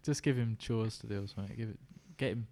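A man's voice: fairly low pitch, quick pace, darkish tone. A young man, co-hosting a podcast in blunt, offhand casual banter. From England. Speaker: podcast co-host.

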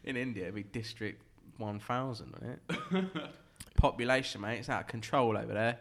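A man, co-hosting a casual podcast and bantering loudly with friends, laughing often. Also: mid-range voice, normal speed, a little hiss or hum. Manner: loud, excitable, laughs a lot. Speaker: podcast co-host.

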